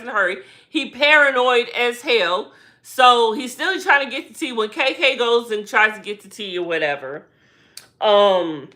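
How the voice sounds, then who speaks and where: A woman vlogger giving a casual, animated recap with slangy talk and lots of rhetorical asides. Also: on the high side.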